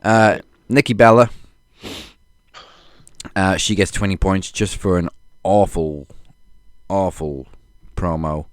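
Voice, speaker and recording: Deep, smooth-voiced man on a podcast. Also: steady tone, takes it slowly, long pauses, dry recording. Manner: dry, sarcastic scoring of wrestlers. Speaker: podcast co-host. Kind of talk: casual chat.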